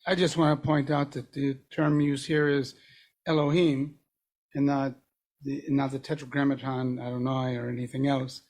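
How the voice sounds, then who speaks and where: A man's voice: medium pitch, level tone, moderate pace, a little mellow. A man in a study class making an earnest point about the wording of the text. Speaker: class participant.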